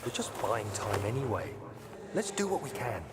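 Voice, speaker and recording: An actor with an English accent playing a shaken young man, narrating his diary in a hushed, dramatic way. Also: on the low side, big pitch swings, moderate pace, very noisy. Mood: haunted. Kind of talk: scripted narration. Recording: game narration over loud music.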